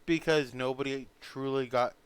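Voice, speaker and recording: A man's voice: mid-range voice, steady tone, moderate pace, clear, resonant tone. A man acting as game master, running a tabletop game over an online voice call and chatting with his players.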